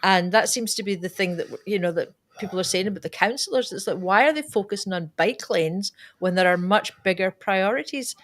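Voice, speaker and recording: Woman co-host, mid pitch, easy questioning chat. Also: brisk, hardly any pauses, fairly bright tone. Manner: conversational, questioning. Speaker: talk show co-host. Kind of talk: casual political chat.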